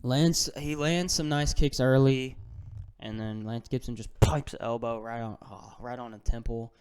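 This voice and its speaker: A young man giving a casual, excitable breakdown of fight results, ranting and swinging between low mutters and loud outbursts. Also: moderate pace, clear, resonant tone. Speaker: MMA fan vlogger.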